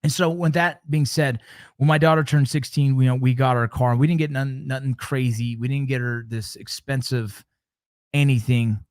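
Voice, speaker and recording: A man's voice: mid-range voice, fairly even intonation, normal speed, no echo. Earnest, heartfelt man talking close and dry. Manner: earnest and heartfelt, with repeated words and restarts. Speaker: show host. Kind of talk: casual motivational talk to listeners.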